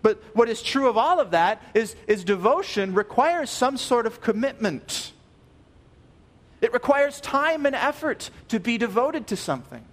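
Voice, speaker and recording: A pastor preaching a sermon, earnest and emphatic, repeating key phrases and dropping soft at the ends of phrases. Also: male voice, very high-pitched, sing-song, measured pace.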